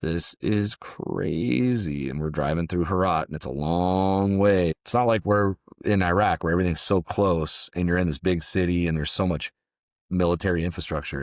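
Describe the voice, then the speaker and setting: A man's voice: very deep voice, no echo, clean studio sound. A man from Southern California, a former security contractor, telling stories as a guest in a casual interview, loose and conversational with frequent restarts.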